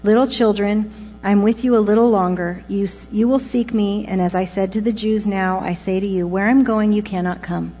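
A woman gives a relaxed, conversational sermon in a warm, mellow voice. Her words ring out in a hall with a long reverb, and a low mains hum sits underneath. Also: moderate pace. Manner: informal, with fillers and asides. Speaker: preacher.

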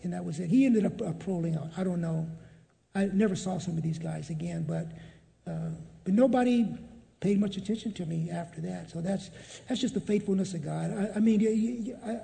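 A man's voice: sits high, a little fast, creaky, dark tone, in a large hall. A man telling a personal faith testimony in a storytelling manner, often repeating what he said. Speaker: testimony speaker.

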